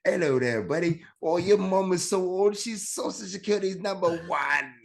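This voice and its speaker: A man's voice: sits high, moderate pace, creaky, pitched above the performer's own voice. A man putting on an exaggerated polite British accent as a joke character. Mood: mock polite. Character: put-on British man, chirpy and overly polite.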